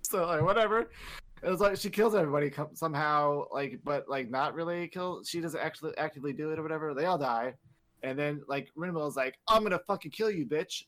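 A man's voice: on the high side, quick pace. A young man chatting casually on a podcast, swearing freely and acting out characters as he retells a story. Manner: profane, animated retelling with mock voices. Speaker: podcast co-host. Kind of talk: casual chat.

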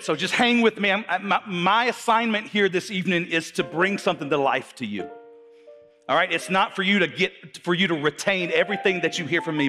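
A man's voice: high voice, pushed and bright, in a large hall. A man preaching to his congregation, often repeating his words and asking the audience questions. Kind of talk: sermon.

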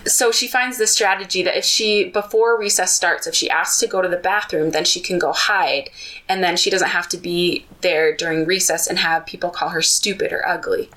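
A woman's voice: lowish voice, fairly even intonation, moderate pace, pushed and bright, low-quality recording. A woman podcast host retelling a children's book in casual storytelling, adding personal asides.

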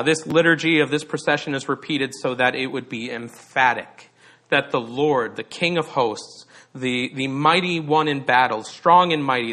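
A man preaching a Sunday sermon with a bright, clear-edged voice. He leans on key words for emphasis and poses rhetorical questions to his listeners. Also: medium pitch. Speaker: pastor.

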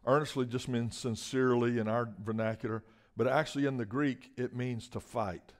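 A man delivers a sermon in an emphatic, repetitive cadence. His voice sits at an ordinary middle pitch, and he keeps checking in with the room for an "Amen?". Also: fairly even intonation, normal speed. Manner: emphatic, repeats words, asks "Amen?". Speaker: guest preacher.

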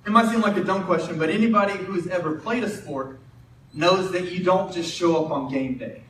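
A young man gives a relaxed sermon and tells stories as he goes, often stopping to restart a phrase. His voice sits high. The mic is some way off in a reverberant hall with faint room noise. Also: normal speed. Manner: conversational, self-interrupting, animated storyteller. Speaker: preacher and high school football coach. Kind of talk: sermon with storytelling. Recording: roomy distant mic in a hall.

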